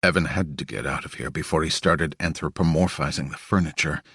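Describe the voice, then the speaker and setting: A man reading an audiobook aloud in steady, unhurried storytelling. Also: very deep voice, breathy edge, no room sound, studio quality. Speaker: audiobook narrator. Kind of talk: audiobook narration.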